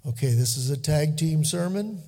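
A man preaching, slowly handing over to a fellow preacher. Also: fairly high pitch, lively intonation, warm tone, big-room sound. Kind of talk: sermon.

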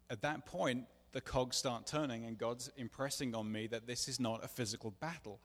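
This preacher's steady mid-range voice moves at normal speed with hardly any pauses. Telling his personal testimony in a sermon, he is earnest and confessional, performing the dialogue amid the long reverb of a large hall.

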